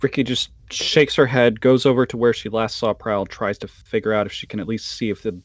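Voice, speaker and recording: A tabletop player narrating their own character's actions and bursting into loud, excitable swearing. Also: medium pitch, fairly quick, no room sound.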